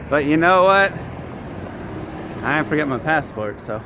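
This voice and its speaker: A man's voice: sits high, lively intonation, normal speed. A man streaming live while walking outdoors, chatting casually and answering his chat. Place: city street outdoors. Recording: street noise behind.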